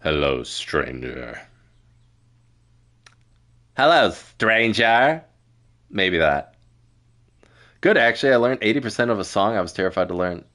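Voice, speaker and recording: Dude streaming a game, chatty and self-deprecating, lowish lively voice, faint music. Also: male voice, brisk, pauses often. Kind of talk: casual game stream chat.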